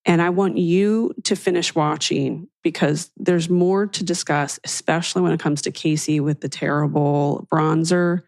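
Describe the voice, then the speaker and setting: Woman, podcast host, casual chat, gravelly voice, dry close sound. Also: sits low, fairly even intonation, moderate pace, few pauses, darkish tone, no echo. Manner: chatty, plans the episode.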